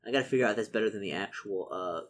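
Sex: man. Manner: excitable, muttering gamer. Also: on the low side, very fast. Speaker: solo tabletop game player. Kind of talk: casual narration of a solo gamebook.

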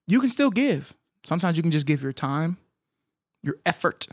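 A man's voice: fairly high pitch, sing-song, moderate pace. A man co-hosting a podcast in casual chat, playful and jokey, with a slight lisp on his R sounds. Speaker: podcast co-host.

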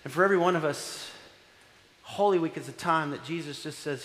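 High-voiced pastor preaching in an echoey hall. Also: male voice, a little fast, a little hiss or hum. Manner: dramatic, swings between loud exclamations and soft low appeals. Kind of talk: sermon.

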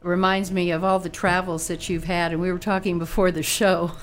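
A woman's voice: on the low side, little pitch movement, a little fast, a little hiss or hum. A woman hosting an interview show, encouraging and eager as she reacts to her guest. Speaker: podcast host, executive coach. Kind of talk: interview host.

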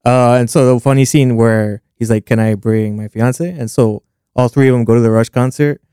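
A man co-hosting a casual movie podcast, recapping the plot in a relaxed, laid-back way. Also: medium pitch, moderate pace, clean tone, dry recording, studio quality. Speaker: podcast co-host. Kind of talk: casual film-review chat.

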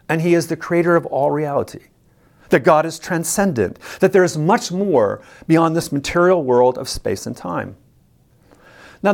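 A preacher teaching a sermon on scripture, speaking emphatically and deliberately. The preacher repeats words for stress and puts questions straight to the listeners. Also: medium pitch, darkish tone. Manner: addresses listeners directly with questions.

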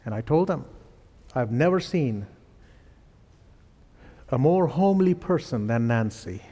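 A man's voice: medium pitch, a little slow, slight background noise. Indian man preaching in a reverberant hall. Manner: animated storytelling with chuckles. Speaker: pastor. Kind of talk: sermon. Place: church sanctuary.

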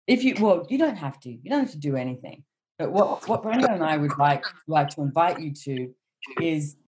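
Upbeat woman co-host who addresses the audience, low and mellow. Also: slight background noise. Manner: enthusiastic, encouraging, talks to the audience. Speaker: co-host and facilitator. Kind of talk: casual chat.

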